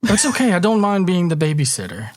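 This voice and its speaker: A man voicing a fussy male party leader who jumps up high when flustered, in a tabletop game. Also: big pitch swings, fast talker. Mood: easygoing.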